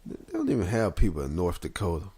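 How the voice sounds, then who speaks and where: A man's voice: deep voice, wildly swooping pitch, fast talker, gravelly, warm tone, husky. A man co-hosting a casual podcast, teasing his co-host in a laid-back way and laughing often. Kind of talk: casual chat.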